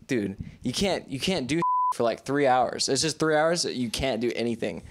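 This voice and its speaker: A man's voice: mid-range voice, animated, normal speed, background noise. A young man co-hosting a podcast, talking bluntly in a loose, swearing, laid-back way. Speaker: podcast co-host. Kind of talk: casual chat.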